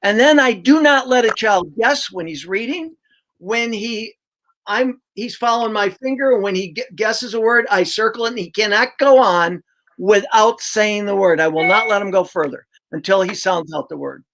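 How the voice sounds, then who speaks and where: A man's voice: high-pitched, normal speed, a bit bright. An older man, a reading coach, explaining his teaching method in an emphatic, conversational way, sounding out syllables aloud as he goes.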